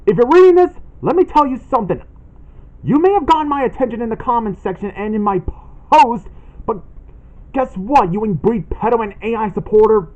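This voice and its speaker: A man's voice: sits high, lively intonation, brisk. A man ranting in an indignant, accusatory callout vlog, reading posts aloud. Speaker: channel host making a callout video. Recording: dull lo-fi sound.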